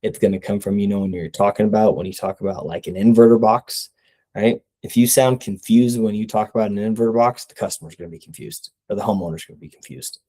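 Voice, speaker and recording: A man's voice: on the low side, fast talker, mellow. A young man giving casual sales coaching, talking conversationally and often checking in with "right?". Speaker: sales trainer.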